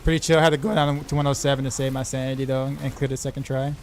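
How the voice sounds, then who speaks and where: A man streaming a game, chatting casually with viewers in an excitable, rambling way, often tripping over his words and restarting sentences. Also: mid-range voice, rapid-fire, a little hiss or hum. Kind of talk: casual livestream chat.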